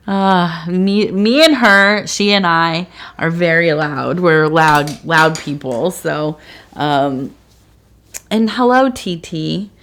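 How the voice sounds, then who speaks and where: A woman's voice: lowish voice, slow pace, a bit bright. A middle-aged woman hosting a casual tea leaf reading, rambling and meandering with lots of fillers. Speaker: tea leaf reader, channel host.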